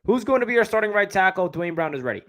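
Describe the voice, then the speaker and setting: Guy w/ a new york area accent doing a live stream, reading chat and talking back, kinda high voice. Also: sing-song, rapid-fire, a bit bright. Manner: chatty, reads and answers viewer comments. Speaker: livestream host.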